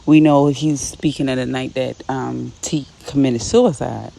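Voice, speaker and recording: Low, gravelly woman recapping a TV episode. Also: fairly even intonation, mellow. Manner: casual, retells scenes with quick quoted dialogue and side comments.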